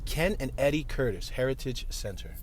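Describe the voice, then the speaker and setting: A man's voice: medium pitch, lively intonation, moderate pace, a little hiss or hum. Chatty man narrating a drive. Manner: chatty and playful, jokes and repeats words. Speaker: vlogger narrating a driving tour. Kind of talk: casual running commentary while driving. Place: inside a moving car.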